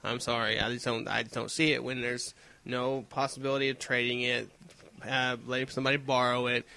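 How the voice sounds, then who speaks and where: A man's voice: medium pitch, little pitch movement, fairly quick, creaky, pushed and bright, smooth. A man co-hosting a casual gaming podcast, rambling and opinionated, with lots of fillers. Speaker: podcast co-host.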